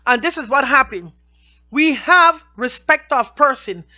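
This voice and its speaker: A woman teaching Bible verses, reading each verse slowly and then explaining it in plain everyday talk. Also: sits high, lively intonation, pushed and bright. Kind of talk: scripture teaching with commentary. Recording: dull lo-fi recording.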